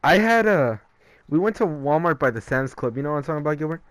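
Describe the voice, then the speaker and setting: A man's voice: on the high side, animated, fast, dry recording. A young man co-hosting a podcast, casually telling profane stories full of "like" and loose asides. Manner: loose, profane storytelling with frequent "like" and laughs. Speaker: podcast co-host. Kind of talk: casual chat.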